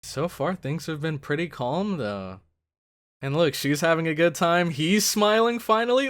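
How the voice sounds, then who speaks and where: Excitable man reacting, lively swooping pitch. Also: unhurried. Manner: excitable, bursts into loud exclamations; thinks aloud with many fillers. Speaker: anime reaction host. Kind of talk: casual reaction commentary.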